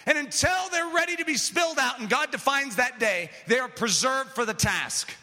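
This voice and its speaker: A man preaching a sermon with passion, dropping to quiet asides and rising to shouts. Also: very high-pitched, normal speed. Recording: long hall reverb.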